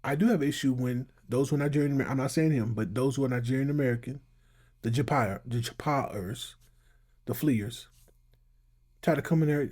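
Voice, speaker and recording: A man's voice: medium pitch, normal speed, a little mellow. A man hosting his own channel, giving emphatic casual commentary and reacting to clips. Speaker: channel host.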